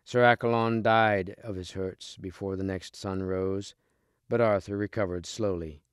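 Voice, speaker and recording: A man reading a storybook aloud with steady, clear storytelling. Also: low voice, unhurried, no room sound, studio quality. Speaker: storybook reader.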